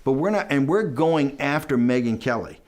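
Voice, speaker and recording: A man's voice: medium pitch, lively intonation, normal speed, darkish tone. A man being interviewed for a documentary. He tells his story with animation, acts out dialogue, and often repeats words and restarts sentences.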